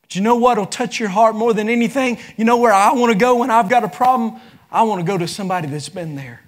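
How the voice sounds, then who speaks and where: A man preaching a sermon, building into fervent shouts. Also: high-pitched, fast talker. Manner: impassioned, rising into shouts.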